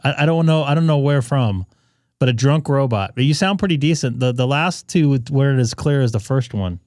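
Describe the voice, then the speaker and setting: A man from California hosts a ham radio live stream in studio-quality audio with no room sound. His mid-range, darkish voice is expressive and fairly quick, and his casual on-air chat is loose and chatty with lots of fillers.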